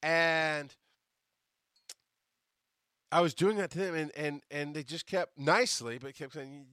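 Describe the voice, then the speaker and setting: A man hosting his podcast, telling a story from his working life in a casual, animated way, cursing and restarting his sentences. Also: a little high, measured pace, long pauses, smooth, no room sound, clean studio sound. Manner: animated, profane, many restarts. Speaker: podcast host.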